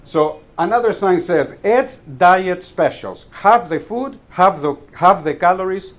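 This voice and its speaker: A man's voice: high-pitched, lively intonation, a little slow. Man telling jokes to a club audience. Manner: storytelling, chuckles at own jokes, repeats words when restarting. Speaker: Toastmasters club speaker.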